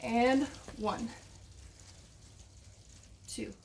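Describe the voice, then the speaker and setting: A woman with a somewhat high voice leads an at-home workout, counting reps aloud and explaining each move as she does it herself. She sounds slightly out of breath from exercising along. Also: fairly even intonation, extremely slow, gravelly, slight background noise. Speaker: fitness instructor. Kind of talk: follow-along workout instruction.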